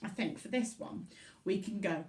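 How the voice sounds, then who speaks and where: A woman teaching young children a recorded literacy lesson in a slow, encouraging way. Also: medium pitch, darkish tone. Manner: slow, encouraging and sing-song. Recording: echoey room, voice from far off.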